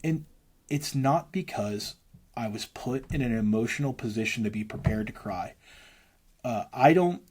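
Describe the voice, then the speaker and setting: A man talking casually as an interview guest, a worship leader, rambling fast and breaking into lines of hymns. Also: mid-range voice, lively intonation, darkish tone, slightly rough.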